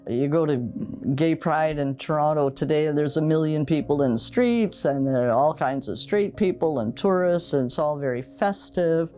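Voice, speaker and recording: A woman in her sixties recalling past events in an oral history interview, steady and a little hesitant. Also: sits low. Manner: steady recollection with some hesitations. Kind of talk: personal storytelling.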